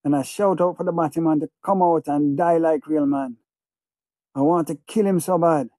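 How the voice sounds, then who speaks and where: A man's voice: a little high, steady tone, normal speed, mellow, no echo. Male audiobook narrator, obsessive and feverish, dry close recording. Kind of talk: first-person audiobook narration.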